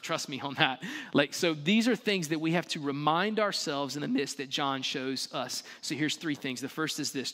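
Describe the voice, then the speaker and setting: A man in his thirties preaching a sermon, animated, building emphasis with rising phrases and casual asides. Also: fairly high pitch. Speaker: pastor. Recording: long reverb of a large hall.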